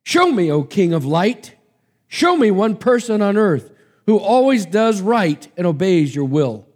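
A man's voice: high voice, very animated, measured pace, a little mellow, voice pushed up, heavily acted. A man preacher reading the lines of Satan, a scheming, defiant fallen angel, in an emphatic, taunting way. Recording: long hall reverb.

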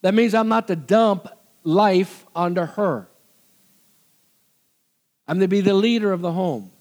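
This middle-aged pastor preaches in a chatty, lively way, laughing often and performing the voices of people he quotes. His pitch sits a little high.

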